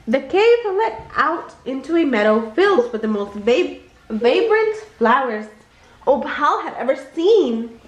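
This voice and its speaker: Brief: woman, bedtime read-aloud, high and very animated, slightly roomy echo. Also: slow pace, lo-fi sound. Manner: expressive, jumps high for characters' lines. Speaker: storybook reader.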